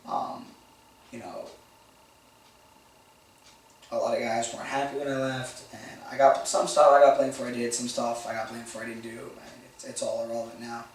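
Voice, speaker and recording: A man interviewed for a documentary, looking back on leaving in a halting, reflective way and quoting his own words. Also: mid-range voice, level tone, very echoey, far from the mic, slight background noise, poor audio. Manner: quick, halting, reflective, quotes himself. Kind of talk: candid recollection.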